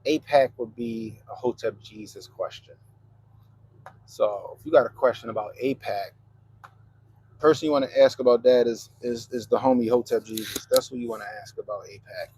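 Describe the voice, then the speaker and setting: With a Baltimore accent, a livestream host from Baltimore, Maryland, reads comments and chats in a loose, laid-back, profane manner. He has a mid-range, a little mellow voice at normal speed, and the poor audio carries slight background noise.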